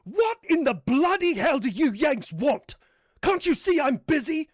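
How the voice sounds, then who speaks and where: A woman voicing a bratty cartoon country, lively pitch. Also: a little slow, no echo, clean studio sound. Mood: scornful. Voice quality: snappish, indignant shouting. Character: brash insulting British country character, adult. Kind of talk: cartoon voice acting.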